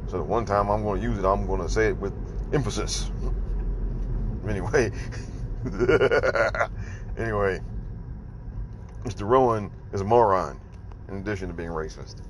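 Exasperated low-voiced man ranting. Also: moderate pace, long pauses, noisy background. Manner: exasperated, incredulous, repeats rhetorical questions. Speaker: livestream host. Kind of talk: casual ranting commentary.

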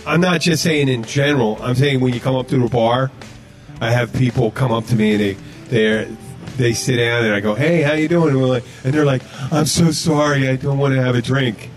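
A man's voice: medium pitch, fairly quick, soft background music. Rambling bartender man hosting a chat. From Minnesota. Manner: rambling, acts out customers in voices. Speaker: podcast host, bartender. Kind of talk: casual chat.

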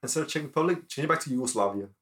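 A man co-hosting a podcast, cracking dry, teasing deadpan jokes in casual banter. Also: mid-range voice, racing. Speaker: podcast co-host.

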